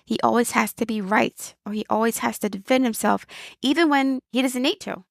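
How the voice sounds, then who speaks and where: A woman hosts her own channel, giving casual spoken commentary in a fairly high voice. She reflects aloud, piles up repeated phrases for emphasis and lets small laughs slip in. The sound is close and dry, with no room around it. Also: a little fast, vocal fry, no echo. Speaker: video host.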